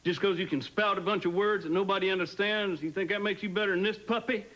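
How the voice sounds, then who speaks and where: An actor playing a boastful, folksy alter ego with a Southern US accent in a soap opera. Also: male voice, sits high, steady tone, fast, a bit bright, highs cut off, voice pushed up. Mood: taunting. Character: brash crude Southern alter ego, grown man.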